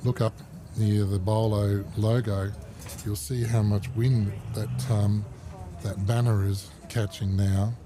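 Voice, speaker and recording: A man's voice: fairly low pitch, slow, few pauses. A man co-commentating a bowls match with a bantering, jokey manner. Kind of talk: live sports commentary. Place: outdoor bowls green. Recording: outdoor mic with steady background noise.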